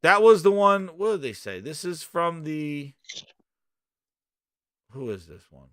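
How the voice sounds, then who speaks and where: Young guy gaming host ranting at the audience, pitch jumping all over, bright tone. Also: very animated, slow pace, clean tone, dry recording, studio quality. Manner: emphatic, argumentative, addresses listeners directly. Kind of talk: animated opinion rant.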